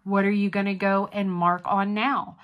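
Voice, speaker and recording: A woman's voice: mid-range voice, flat delivery, moderate pace, muffled recording. A woman hosting a casual unboxing vlog, gushing and chatty as she talks to her viewers. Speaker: craft channel host.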